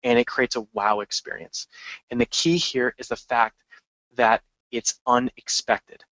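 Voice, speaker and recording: Male podcast host and marketing coach, mid-pitched voice, energetic and chatty, dry close-miked sound. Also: unhurried, no echo, rough recording. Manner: energetic, conversational, frequent restarts and asides. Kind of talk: casual business podcast monologue.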